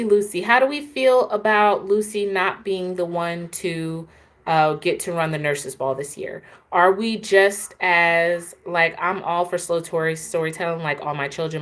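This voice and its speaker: A woman hosting a casual, opinionated live chat, talking straight to her viewers. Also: fairly low pitch. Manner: chatty, opinionated, answers viewers. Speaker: host.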